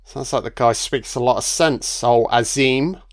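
A man's voice: mid-range voice, measured pace. A man giving casual, sardonic film commentary full of swearing and jokey asides.

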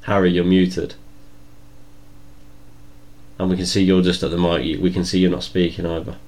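A man's voice: deep voice, level tone, normal speed, a little mellow. A young man co-hosting a casual podcast over a video call, blunt and sweary in his banter. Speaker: podcast co-host. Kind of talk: casual chat.

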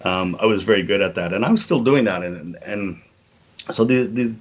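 Middle-aged male guest, deep and husky, earnest halting delivery, muffled lo-fi recording. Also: lively intonation. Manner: earnest, halting, repeats words, many "you know" fillers. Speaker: podcast guest. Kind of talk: reflective personal storytelling.

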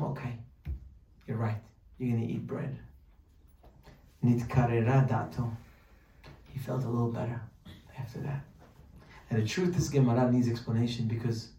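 A Torah teacher leads a religious class, telling a story sprinkled with humorous asides and explaining Hebrew terms along the way. His medium-pitched voice is a little mellow, and he sounds distant in a roomy, echoing space.

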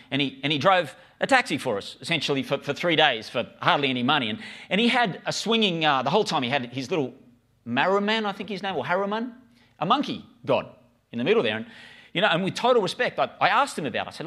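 A man's voice: mid-range voice, sing-song, fast, fairly bright tone. A middle-aged man, preaching a casual, conversational sermon with frequent stammered restarts. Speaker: pastor.

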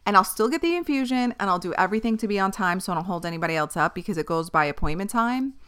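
A woman's voice: on the low side, pushed and bright, clean tone. A woman hosting a podcast, talking candidly and emphatically in casual chat, with frequent swearing and fillers. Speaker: podcast host.

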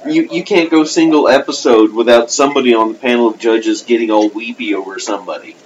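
A man's voice: medium pitch, quick pace, lo-fi sound, over a noisy crowd. A man co-hosting a podcast in casual chat, agreeing often and laughing along. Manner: laughs often, affirming sidekick. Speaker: podcast co-host.

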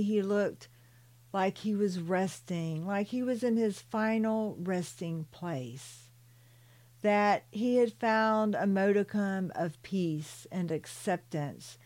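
An older woman reads her own spiritual story in a soothing voice, stopping for gentle personal asides to the listener. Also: mid-range voice. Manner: slow and soothing, calls listeners "beloved". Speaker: author and spiritual channeler.

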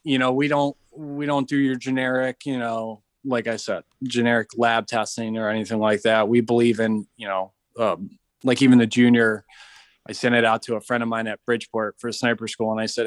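Man, mid pitch, animated storyteller, casual podcast chat, dry close mic. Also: fairly quick, no echo. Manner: animated storyteller, acts out quoted voices. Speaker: podcast guest, veteran entrepreneur.

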